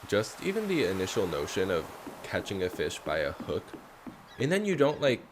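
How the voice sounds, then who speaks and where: Deep-voiced chatty man streaming a game. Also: wildly swooping pitch, normal speed, noisy background. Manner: chatty and rambling, talks to viewers as "y'all". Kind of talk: casual live-stream chat. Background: game music.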